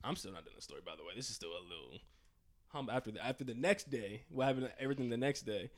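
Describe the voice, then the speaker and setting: A man's voice: mid-range voice, fast talker. A young man casually telling a story, acting it out with sound effects and voices, swearing freely. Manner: animated, acts out scenes with sound effects and quoted voices; profane, slangy.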